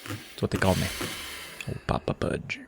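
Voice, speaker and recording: A man co-hosting a podcast, chatting casually in a playful, self-mocking way. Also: moderate pace. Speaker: podcast co-host.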